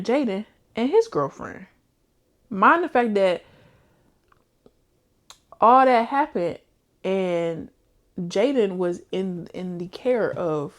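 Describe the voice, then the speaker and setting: Young woman, casual book-chat vlogger, lively slangy storyteller. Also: medium pitch. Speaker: book reviewer.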